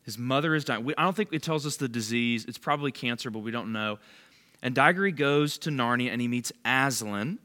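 A man's voice: mid-range voice, brisk, bright, forceful tone. A man leading a bible study, giving a casual, conversational sermon and quizzing his listeners by name. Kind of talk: casual sermon to a small group.

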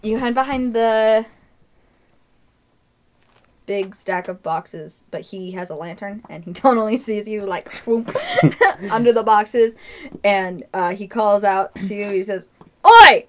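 A young woman narrating a tabletop game as game master, giggly and halting. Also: mid-range voice, darkish tone, slight background noise.

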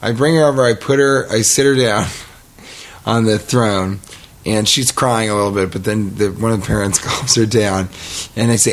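A middle-aged podcast host with a lowish voice speaks at a moderate pace, drifting through a comic anecdote. His delivery is casual and animated, complete with acted-out quotes.

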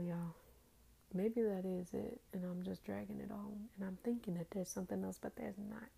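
A woman's voice: medium pitch, vocal fry, warm tone, slightly rough. A tired woman hosting a casual, rambling faith talk, trailing off into fillers.

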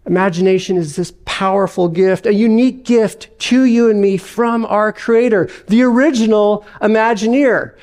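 A male pastor preaching a sermon, telling a story in a measured way. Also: high-pitched, a little mellow.

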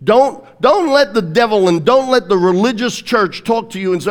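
A man's voice: sits high, lively intonation, moderate pace, hardly any pauses. A man preaching a sermon with fervent emphasis, leading his congregation in phrases to repeat after him. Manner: fervent, emphatic preaching, swinging between loud declarations and quieter teaching. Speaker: pastor.

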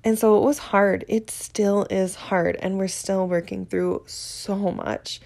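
A woman's voice: medium pitch, steady tone, slow pace, gravelly, darkish tone. A young woman hosting her podcast, talking openly and emotionally about her relationship and mental health, laughing now and then. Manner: open, emotional, laughs often, vivid. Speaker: podcast host. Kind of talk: candid personal talk.

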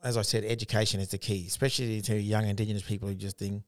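This is a casual storytelling chat from an Australian man with an education background, who talks plainly and animatedly and keeps restarting his sentences. His fairly low voice comes fast, in a dry recording.

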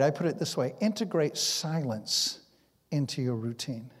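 A pastor preaching a sermon, acting out conversations and dropping to a hush at times, in a church sanctuary. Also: male voice, on the high side, normal speed. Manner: animated, acts out conversations, drops to a hush. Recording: long reverb in a big hall.

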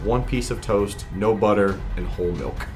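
A man's voice: on the low side, normal speed, darkish tone, faint music behind. A man co-hosting a casual podcast, playfully reading out game scenarios with dramatic flair. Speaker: podcast co-host.

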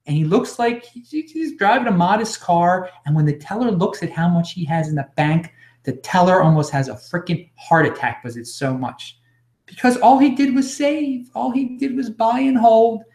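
A man rants on his livestream with a sarcastic, combative edge. His pitch swings widely as he needles his critics, and his voice rings around a roomy, echoey space. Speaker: livestream host. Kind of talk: ranting livestream commentary. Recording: roomy echo.

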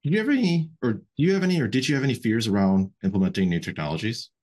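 A man's voice: mid-range voice, animated, very fast, darkish tone. A man hosting a podcast, explaining things for listeners and prompting his guest in a casual interview. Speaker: podcast host.

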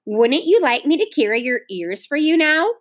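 A woman's voice: high-pitched, lively intonation, normal speed, voice pushed up. A woman voicing a polite, self-conscious older girl in a read-aloud storybook, talking earnestly with some embarrassment. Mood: fretful.

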